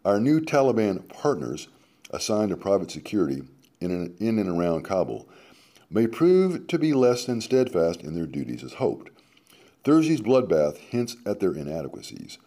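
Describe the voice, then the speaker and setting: A man's voice: sits low, sing-song, moderate pace, mellow. A man hosting a radio show, reading a column aloud and breaking in with sarcastic asides, dramatic and swinging from emphatic to muttered. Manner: interjects sarcastic asides between quoted passages. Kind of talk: reading aloud with running commentary.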